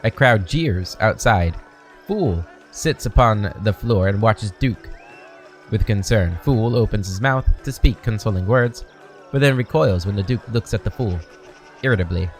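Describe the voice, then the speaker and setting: A man narrating a video game playthrough, reading the on-screen text aloud slowly with casual asides. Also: on the low side, animated, faint music behind. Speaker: game streamer.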